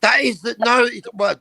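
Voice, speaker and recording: A man's voice: high voice, gravelly, sharp tone, breathy edge, no echo. A man hosting a casual livestream chat, riffing jokes and swearing freely. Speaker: host.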